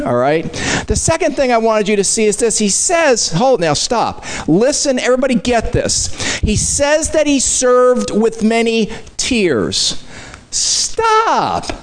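A man leading a Bible study, teaching small groups in a playful, emphatic way. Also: sits high. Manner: playful, emphatic, sudden shifts in volume.

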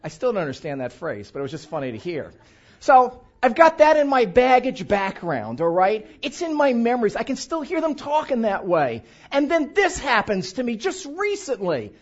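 A man's voice: very high voice, wildly swooping pitch, moderate pace. An older man preaching a sermon, telling humorous self-mocking stories about his family. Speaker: pastor. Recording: dull lo-fi recording.

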